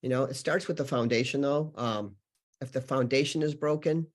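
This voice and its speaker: A healer and channeler appears as a guest on a spiritual podcast, telling stories earnestly in an interview conversation and rambling with many fillers. He speaks at a moderate pace in a medium-pitched voice.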